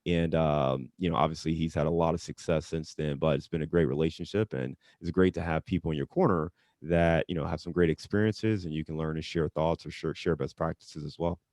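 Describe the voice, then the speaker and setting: A man talking as a guest on an online webinar, relaxed and conversational. His voice sits very low. The recording is dry, from a call mic. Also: fairly quick, hardly any pauses, dry recording. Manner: relaxed, conversational, frequent fillers. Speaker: real estate investor guest. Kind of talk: casual webinar chat.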